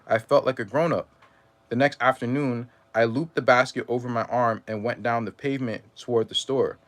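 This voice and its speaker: A man at a mid-range pitch reading a first-person memoir aloud. His reading is measured and steady. Now and then he stumbles and corrects himself. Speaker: reader.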